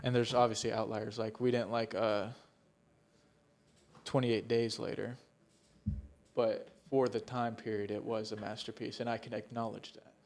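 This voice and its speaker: A man's voice: on the low side, flat delivery, moderate pace, long pauses, a little mellow. A young man co-hosting a casual podcast chat, rambling and swearing often, with laughs slipping into his sentences. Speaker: podcast co-host.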